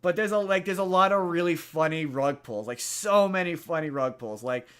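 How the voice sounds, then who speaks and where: A man's voice: fairly high pitch, normal speed, a bit bright, smooth. A man hosting a podcast, casually retelling a movie's plot in a rambling way, full of fillers and restarts. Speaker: podcast host.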